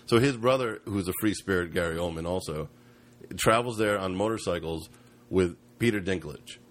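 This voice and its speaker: A man's voice: low voice, moderate pace. A man co-hosting a casual movie review podcast, recapping the plot in a rambling, joking way. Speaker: podcast co-host.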